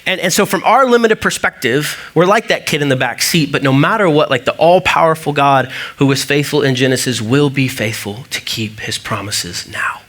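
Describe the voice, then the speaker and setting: A man's voice: on the high side, moderate pace, few pauses, fairly bright tone. A man preaching a sermon as pastor, talking casually, telling stories with asides and fillers. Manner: conversational, storytelling with asides and fillers.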